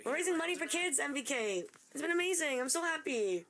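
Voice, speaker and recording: Bubbly gushing woman streamer, high voice. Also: quick pace, faint music behind. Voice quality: gushing, excitable, chatty. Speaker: livestream host. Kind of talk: casual live-stream chat.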